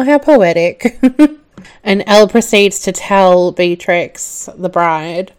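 A woman hosting a podcast, recapping a film casually, laughing often and swearing when excited. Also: medium pitch, smooth. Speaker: podcast host.

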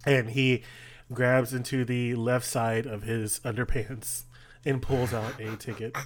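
A man's voice: medium pitch, flat delivery, a little slow. A man playing a tabletop game, describing his character's actions with hesitant stammers. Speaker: player. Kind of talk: casual tabletop game chat.

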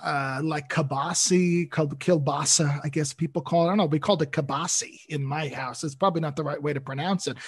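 A man's voice: fairly high pitch, steady tone, fast, hardly any pauses, breathy edge. A man from New Jersey hosting a podcast, chatting casually and emphatically, with lots of "like". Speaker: podcast host. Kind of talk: casual chat.

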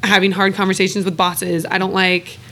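A woman's voice: medium pitch, little pitch movement, brisk, bright, forceful tone. A woman co-hosting a podcast, talking openly and casually, swearing freely and laughing between phrases. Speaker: podcast co-host. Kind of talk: candid casual podcast chat.

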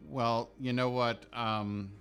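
A man's voice: mid-range voice, flat delivery, takes it slowly, a bit bright, soft background music. A man speaking as a player in a tabletop game, casual and affectionate.

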